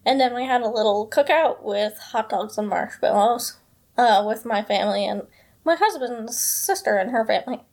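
Chatty woman podcast host, higher voice. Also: moderate pace, a little mellow. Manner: rambling, chatty, many fillers. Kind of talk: casual chat.

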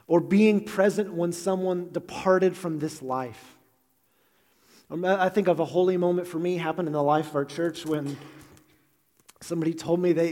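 A male pastor in his thirties preaches in an earnest, storytelling way, now and then poking gentle fun at himself. His voice sits a little high for a man. A long reverb hangs on it from the church sanctuary. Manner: earnest storytelling with gentle self-deprecating humor. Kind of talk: sermon.

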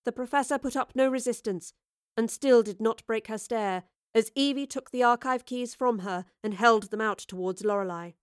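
A woman reading a story aloud in a steady, even narration. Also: a little high, moderate pace, smooth, dry recording, studio quality. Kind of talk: audiobook narration.

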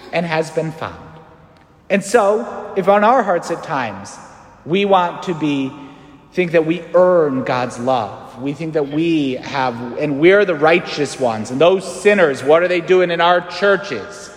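A man preaching a sermon as a priest, animated and acting out the voices in the story. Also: fairly high pitch. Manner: animated, acts out quoted voices. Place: church. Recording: echoey church hall.

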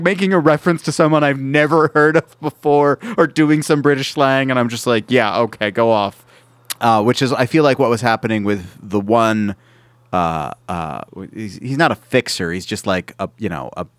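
A man's voice: mid-range voice, no room sound. A man co-hosting a casual podcast, rambling with lots of fillers and restarts. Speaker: podcast co-host. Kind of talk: casual chat.

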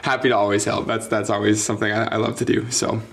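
A man's voice: lowish voice, level tone, fast talker, vocal fry, a bit bright. A young man who is a youth pastor, telling his story in an interview, earnest and full of ums and likes. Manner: earnest, filler-heavy, says like and um often.

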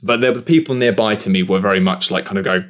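A man, co-hosting a casual chat and telling an animated, sweary story. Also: lowish voice, quick pace.

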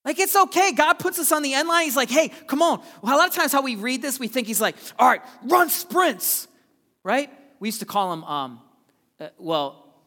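A man preaching a sermon in a church in a casual, joking way, moving between loud bursts and hushed asides. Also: extremely high pitch, animated, brisk. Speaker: pastor. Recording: long hall reverb.

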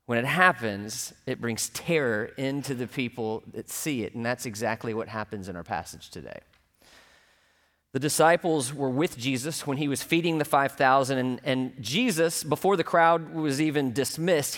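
A male pastor in a church sanctuary, speaking at an ordinary pitch with an easy, chatty delivery. He slips dry, self-deprecating humor into his story, and his voice rings out with a long hall reverb. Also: fairly bright tone. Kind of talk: sermon.

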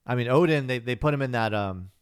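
Smooth, dry-voiced podcast co-host man. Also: mid-range voice, quick pace, no room sound. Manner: laid-back, swearing, trails off mid-thought. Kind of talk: casual chat.

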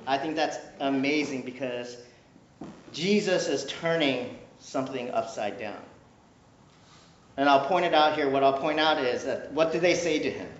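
A man's voice: mid-range voice, moderate pace, slight background noise. A male pastor preaching a sermon in a conversational, playful way, often checking in with "right?". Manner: conversational, animated, keeps asking "right?"; playful, jokes with the congregation. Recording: echoey room, dull lo-fi sound.

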